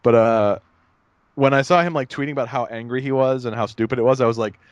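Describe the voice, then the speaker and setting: A man co-hosting a casual podcast, talking in a rambling, animated way with many fillers. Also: medium pitch, fast, clear, resonant tone, dry recording, lo-fi sound. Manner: rambling, animated, lots of fillers and mock voices. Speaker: podcast co-host. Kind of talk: casual chat.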